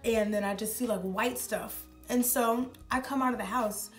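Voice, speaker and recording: A woman's voice: fairly high pitch, steady tone, moderate pace, faint music behind. A young woman vlogger telling a story in a rambling, casual way, full of filler words. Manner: rambling, heavy use of filler "like".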